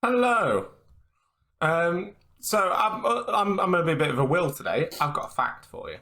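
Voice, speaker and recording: A man talks through his album picks in a bright, forceful voice. He halts often, with fillers and restarts, in a relaxed chat among friends. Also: high-pitched, moderate pace. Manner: hesitant, lots of fillers and restarts. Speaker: podcast co-host reviewing an album. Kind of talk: casual chat.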